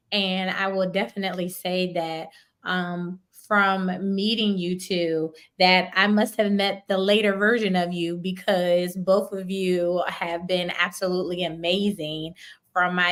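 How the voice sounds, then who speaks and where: Slow-talking woman podcast host. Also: lowish voice. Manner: warm and affirming, laughing easily. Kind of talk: podcast interview.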